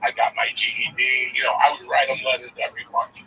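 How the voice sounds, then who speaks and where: A man's voice: mid-range voice, quick pace. A man casually telling a profane story, acting out the dialogue as he goes. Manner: profane, animated retelling with quoted dialogue. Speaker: storyteller guest. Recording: far from mic with music behind.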